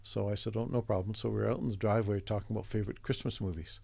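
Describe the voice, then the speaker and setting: A middle-aged man from Canada with a low, gravelly voice and a warm, dark tone spins a relaxed anecdote. He slips into the voices of the people in his story and chuckles as he goes. The sound is dry and close. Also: racing, dry recording. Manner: chatty, acts out quoted voices, chuckles often. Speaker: artist guest telling a story.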